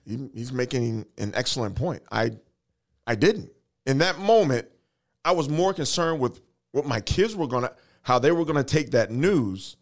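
A man in his forties telling a personal story earnestly, in halting phrases, holding back tears. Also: mid-range voice, vocal fry. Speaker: guest, fatherhood program worker.

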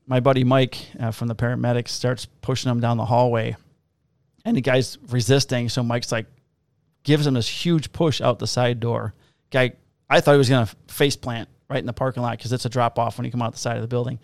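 A man's voice: mid-range voice, no room sound. A man, a police officer, casually telling profane, laughing stories about his shifts. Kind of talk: casual storytelling on a podcast.

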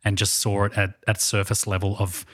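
Male podcast co-host, low voice, dry sound, earnest and emphatic. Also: monotone, fairly quick, a bit bright, no echo. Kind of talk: casual movie discussion.

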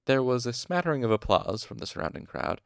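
A man reading a novel aloud in first person, with wry, measured storytelling. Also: mid-range voice, sing-song, creaky, clear, resonant tone, no echo, clean studio sound. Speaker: audiobook reader.

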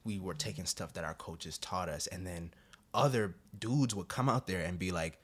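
A young man hosting a podcast, telling long rambling stories and acting out quotes in sudden high voices. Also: moderate pace, breathy edge. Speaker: podcast host. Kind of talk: casual podcast chat.

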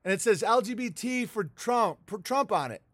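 A man's voice: high voice, lively intonation, moderate pace, a bit bright, no room sound. A man delivering a heated, profane political monologue, mocking his targets. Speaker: political commentator.

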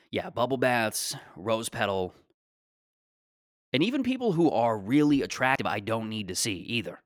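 A man's voice: mid-range voice, very animated, normal speed, no echo, clean studio sound. A man in his late twenties hosting a solo podcast, talking casually in a rambling, joking, self-deprecating way. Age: 20s. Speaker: podcast host.

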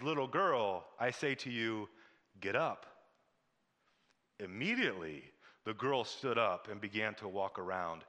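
A man's voice: mid-range voice, pushed and bright, big-room sound. A man preaching a sermon as pastor, repeating short declarations and building to fervent exhortation.

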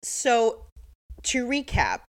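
A woman's voice: on the high side, huge pitch swings, very slow. A woman co-hosting a podcast, recapping a TV episode in casual chat, laughing often and acting out the characters' lines. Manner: laughs often, acts out quotes. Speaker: podcast co-host.

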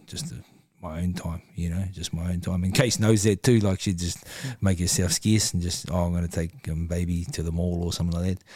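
Man, New Zealand accent, very low voice, dry close sound, halting candid podcast talk. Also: darkish tone, no echo. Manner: reflective and candid, trailing off with many fillers. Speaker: guest, former boxer. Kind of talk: casual podcast conversation.

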